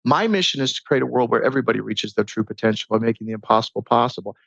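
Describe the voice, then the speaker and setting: A man guest on a podcast, talking in a casual, animated way and teaching through stories and rhetorical questions. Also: mid-range voice, racing, gravelly, no room sound. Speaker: podcast guest, transformation coach. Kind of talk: casual conversational interview. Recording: dull lo-fi sound.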